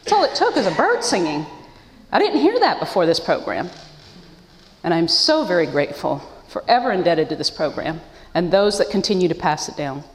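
A woman's voice: fairly low pitch, very animated, moderate pace, in a large hall, background noise. A woman giving an earnest, emotional personal testimony to a support group, her voice breaking with feeling. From United States. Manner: earnest, emotional, with self-deprecating laughs. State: choked up. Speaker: speaker sharing her story at a support meeting.

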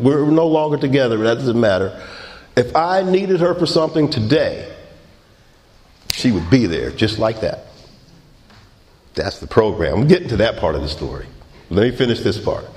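A man's voice: medium pitch, a little mellow. A middle-aged man telling his story at a recovery meeting, laughing and acting out quotes. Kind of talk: personal testimony talk. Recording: echoey hall recording. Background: audience laughter.

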